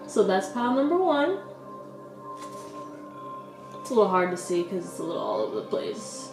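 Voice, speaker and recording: A woman's voice: fairly high pitch, echoey room, poor audio. Chatty scattered woman tarot reader. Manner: scattered, laughing, slangy and talkative. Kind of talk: casual pick-a-pile tarot reading.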